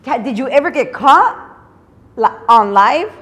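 A woman's voice: high-pitched, animated, unhurried, a bit bright. A woman hosting an interview who gives short reactions and asks curious questions. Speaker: host.

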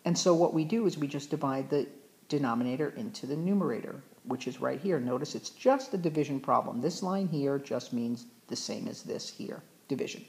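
A woman's voice: rumbling low, expressive, a little fast, a little mellow. A woman teacher explaining fractions in a chatty, encouraging way, often correcting herself mid-sentence. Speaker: math teacher. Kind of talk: recorded math lesson.

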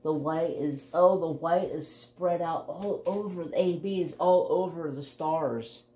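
Excitable low-voiced woman unboxing crafts. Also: unhurried, few pauses. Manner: excitable, gushing exclamations. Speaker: crafts channel host. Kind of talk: casual unboxing chat. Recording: roomy echo, faint ambience.

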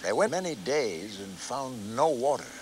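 A man narrating a scripture story in an expressive, archaic reading style. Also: medium pitch, unhurried, a little hiss or hum, poor audio.

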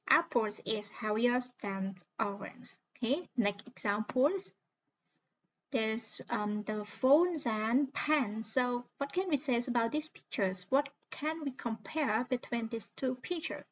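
Khmer-accented woman teacher, fairly high voice, patient step-by-step grammar explainer, muffled lo-fi recording. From Cambodia. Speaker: English teacher.

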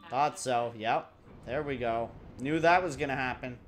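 A man's voice: mid-range voice, moderate pace, fairly bright tone, faint music behind. A man doing casual gameplay commentary, joking, swearing and laughing at the game as he plays. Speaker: let's play commentator.

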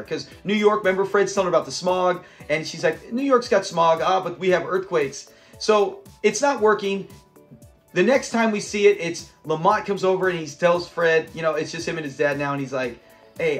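A man from Southern California casually recapping a sitcom episode, chatty and quick to laugh as he acts out the lines. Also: high voice. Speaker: host of a sitcom review channel.

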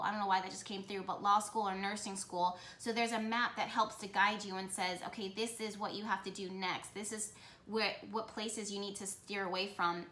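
A woman giving a tarot reading for her channel, talking with excitement and often breaking off to correct herself. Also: medium pitch, reverberant. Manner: excited, rambling, self-correcting. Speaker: tarot reader.

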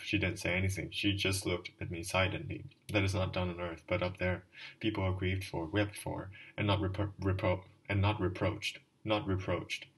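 A drunken middle-aged clerk rambles through a confession, read by a man in his own deep voice. He pleads and repeats himself, calling his listener sir. The voice sits a little back from the mic. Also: a bit bright, far from the mic, poor audio. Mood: bitter.

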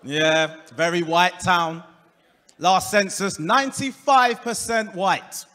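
Slow and high-voiced, an Essex comedian from England performs stand-up before a live club audience, drawing a long reverb from the room. His style leans on deadpan punchlines, crowd work and put-on voices for anyone he quotes.

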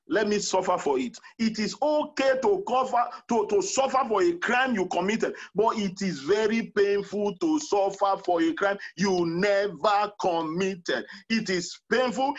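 A man's voice: high voice, fairly bright tone, dull audio. A man preaching a sermon as pastor, emphatic and counting off numbered points.

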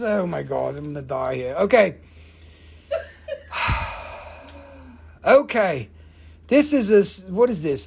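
A man's voice: high voice, very animated, slow pace, creaky, long pauses, a little mellow, slight background noise. A man hosting a live stream that sells rocks, chatting in a profane, rambling way and laughing often. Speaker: host of a live rock sale. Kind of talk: live-stream sales chat.

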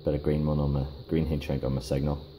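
Very deep-voiced man, halting workshop demo. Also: flat delivery, background noise. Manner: halting, with many fillers and restarts. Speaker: DIY car repair video host. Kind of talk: casual hands-on demonstration.

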